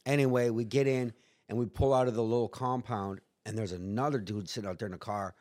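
A man's voice: medium pitch, steady tone, fast, darkish tone. A man telling a story in casual chat, rambling and profane, acting out quotes in put-on voices. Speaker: guest.

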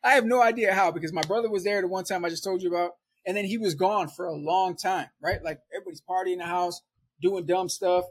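A man's voice: high voice, steady tone, fast, a little hiss or hum. A young man telling a story in a conversation, in a loose, rambling way full of "like" and "right?". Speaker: interview guest.

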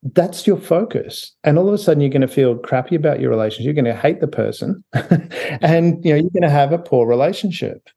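A man's voice: fairly high pitch, animated, a little fast, vocal fry, dark tone, slightly rough. A man speaking as an author guest on a podcast, chatty, often laughing and restarting his sentences. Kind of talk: casual interview talk.

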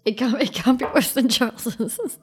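A woman's voice: on the high side, normal speed, a little mellow, faint music behind. Woman running a tabletop game. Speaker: game master.

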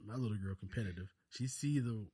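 A man in his thirties co-hosting a podcast, telling stories in animated casual chat and laughing often. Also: lowish voice, fast talker, breathy edge, no echo. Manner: animated storyteller, acts out voices, laughs a lot. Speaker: podcast co-host.

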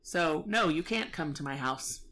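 A woman's voice: low voice, expressive, measured pace, fairly bright tone. A woman telling a story in casual chat, profane and exasperated, acting out both sides.

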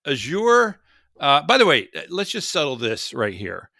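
A man's voice: mid-range voice, sing-song, normal speed, gravelly, pushed and bright, dry recording, studio quality. A man hosting a casual tech podcast, chatty and rambling, often correcting himself mid-sentence. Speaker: podcast host.

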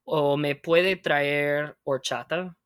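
A man teaching conversational Spanish, patiently explaining and modeling phrases slowly. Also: on the high side, steady tone, fairly bright tone, clear, resonant tone, no room sound, clean studio sound.

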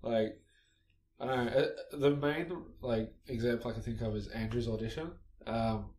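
A man's voice: medium pitch, fairly even intonation, moderate pace, a little mellow. A man directing a small film project, talking casually in a group chat with lots of fillers. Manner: rambling with many fillers. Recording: echoey room with faint noise.

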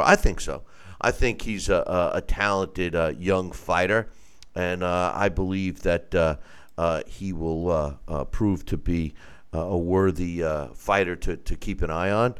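A man's voice: deep voice, unhurried, clean tone. A man hosting a boxing talk show, rambling through listener emails with many fillers and restarts. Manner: rambling, full of fillers and restarts, laughs often. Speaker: radio show host.

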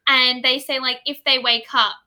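A woman chatting casually about a book, chiming in with quick agreements and reactions. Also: high-pitched, flat delivery, pushed and bright. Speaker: book discussion co-host. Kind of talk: casual chat.

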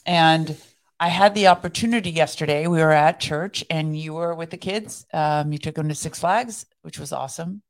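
A woman's voice: low voice, moderate pace. A woman co-hosting a podcast, telling her faith story in an earnest, reflective way. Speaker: podcast co-host. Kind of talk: casual faith conversation.

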